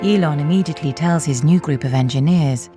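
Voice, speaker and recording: A woman's voice: low-pitched, brisk. A woman giving scripted documentary narration. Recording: narration over music.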